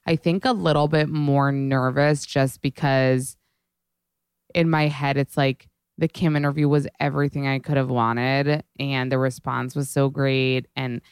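A young woman hosting a podcast, chatting casually and excitedly, with lots of swearing and filler words. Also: a bass voice, smooth, no echo, clean studio sound. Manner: gushing and fast, heavy swearing and "like". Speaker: podcast host. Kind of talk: casual chat.

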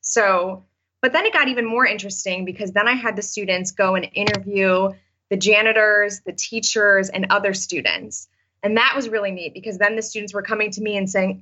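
A woman's voice: medium pitch, steady tone, fairly quick, pushed and bright, muffled recording. A woman teacher talking casually in an interview, with many fillers and restarts. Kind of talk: interview answers, storytelling.

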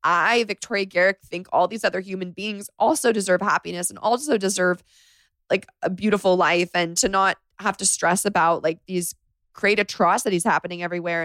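A woman's voice: mid-range voice, a bit bright, no room sound. A woman hosting a solo confessional podcast from her bedroom floor, talking candidly and rambling with lots of "like", sometimes close to tears. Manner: candid, rambling, heavy use of "like"; emotional, close to tears at times. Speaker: podcast host. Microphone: podcast microphone.

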